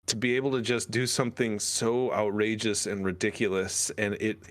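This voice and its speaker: A man's voice: fairly low pitch, flat delivery, normal speed. A man co-hosting a podcast, talking casually and rambling with many fillers and restarts. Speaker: podcast co-host. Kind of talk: casual chat.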